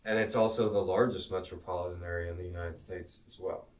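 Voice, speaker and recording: A man teaching geography on a live stream, rambling and halting as he goes. His voice sits on the low side. He sounds a little distant from the microphone. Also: fairly even intonation, darkish tone. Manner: rambling, halting, self-promoting.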